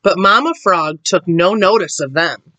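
A woman reading a picture book aloud to children, slow and expressive, with little asides. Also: fairly low pitch, no room sound, lo-fi sound. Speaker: storyteller.

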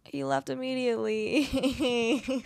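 A woman's voice: on the high side, fairly even intonation, slow, creaky, darkish tone, no room sound, clean studio sound, soft background music. Chatty, sarcastic young woman gamer. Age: 20s. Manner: chatty, sarcastic, casual swearing. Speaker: gaming video creator. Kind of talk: casual gameplay commentary.

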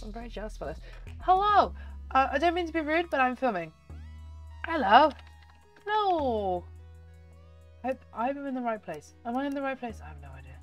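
Woman, gaming commentary, nasal slightly hoarse voice, bright high pitch, very animated. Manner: chatty and excitable, talking to viewers. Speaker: gaming channel host. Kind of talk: casual gameplay commentary.

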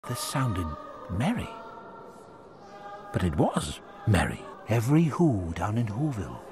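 A man narrating a rhyming storybook film in a measured storytelling manner. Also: fairly low pitch, wildly swooping pitch, darkish tone, full character voice. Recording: film audio under music.

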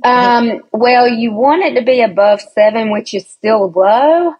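A woman with a fairly high, breathy voice tells a personal story as a podcast guest at an unhurried pace. She's chatty yet hesitant, restarting often. The recording is dull and lo-fi.

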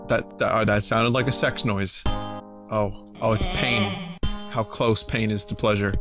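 A man streaming old computer games with casual, sarcastic, profane commentary, sounding a little sick and hoarse. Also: on the low side, fairly even intonation, measured pace. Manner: sarcastic, profane, laughing often. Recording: music playing behind voice.

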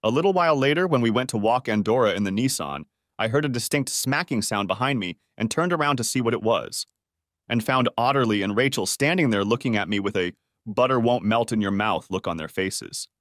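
Male narrator for a first-person drama, mid pitch, lively delivery, dry close sound. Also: a little fast, no room sound.

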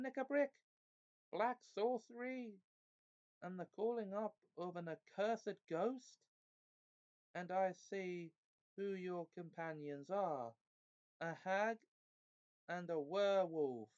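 A man's voice: slow pace, pauses often, a little mellow, dull audio. A man doing a thundering young boy king. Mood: angry. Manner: booming, accusing.

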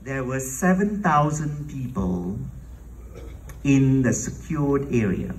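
A man from Malaysia, a composer telling a lively testimony story and acting out the dialogue. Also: mid-range voice, slow, distant mic, slight background noise, low-quality recording. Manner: animated, acts out dialogue.

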